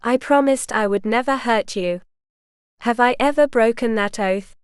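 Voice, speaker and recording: A woman reading the lines of a proud, teasing medieval warrior husband in an audiobook, calm and frank. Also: a little high, normal speed, smooth, no room sound, clean studio sound, close to an everyday voice.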